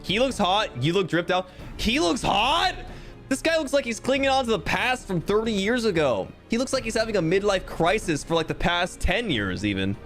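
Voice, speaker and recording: A man streaming a game, chatting casually with animated, jokey, sometimes crude asides over faint game music. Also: high voice, brisk, few pauses. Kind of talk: casual let's-play commentary.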